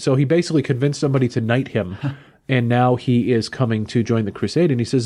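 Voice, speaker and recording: A man's voice: medium pitch, quick pace, mellow. Casual man enthusing about a comic. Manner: enthusiastic, loose paraphrasing with fillers and restarts. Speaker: comic book reviewer. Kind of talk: casual review recounting a story.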